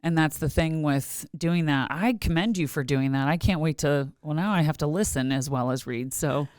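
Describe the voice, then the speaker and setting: A woman's voice: deep voice, moderate pace, darkish tone, no echo, clean studio sound. A woman hosting a podcast interview, speaking with an encouraging, trained voiceover delivery. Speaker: podcast host. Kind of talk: casual interview chat.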